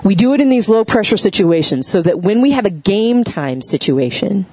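A woman pastor preaches in a loose, conversational way. She tells a story with lively energy and throws questions out to the congregation. Her voice sits at an ordinary middle pitch. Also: moderate pace, husky, no echo, low-quality recording. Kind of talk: sermon.

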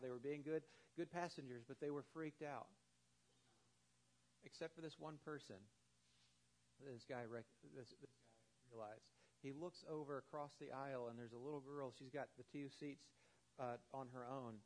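A man giving a sermon, telling a story loosely with many fillers, then closing with an earnest prayer. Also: medium pitch. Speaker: preacher.

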